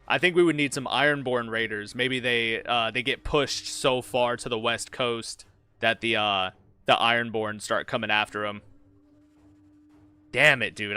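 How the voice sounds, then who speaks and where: Excitable young guy calling a battle live, sharp bright voice, quick to curse. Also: mid-range voice, clean tone. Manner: excitable, swears when frustrated. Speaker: game streamer. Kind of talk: live gameplay commentary.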